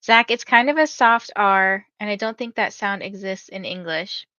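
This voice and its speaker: Young female streamer, bright voice, casual filler-laden chat, dry slightly lo-fi mic. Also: medium pitch, moderate pace, dry recording. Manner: chatty, many fillers, reads viewer comments aloud. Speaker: livestream host reading books.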